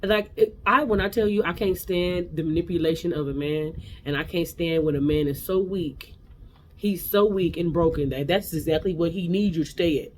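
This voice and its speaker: A woman's voice: on the low side, moderate pace, darkish tone, a little hiss or hum. A woman hosting a casual reality TV recap. She talks bluntly and fierily, with slang and lots of repetition.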